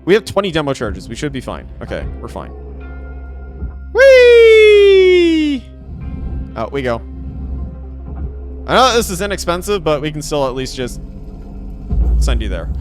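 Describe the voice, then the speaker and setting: A man's voice: medium pitch, big pitch swings, brisk, long pauses, faint music behind. A man giving casual live gameplay commentary, playful and rambling, repeating phrases and talking to his chat. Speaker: game streamer.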